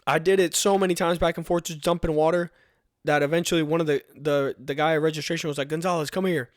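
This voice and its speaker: A man's voice: a little high, flat delivery, fast talker, dry recording, studio quality. Earnest young man with a pep talk. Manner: earnest, emphatic, repeating rallying commands. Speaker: fire recruit podcast host. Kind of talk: motivational podcast monologue.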